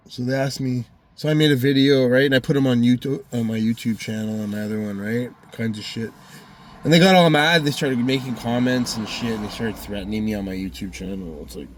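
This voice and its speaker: A man rants through a long personal story. His delivery is profane, heated and rambling, and his voice sits at an ordinary middle pitch for a man. He talks straight to his viewers in a vlog. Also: a little hiss or hum. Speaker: vlogger.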